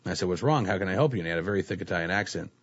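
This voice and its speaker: Reading news stories on his casual talk show, this man speaks at a racing clip in a deep voice with a breathy edge. He keeps dropping "uh, you know" and other fillers in a relaxed way, captured on a dull lo-fi recording.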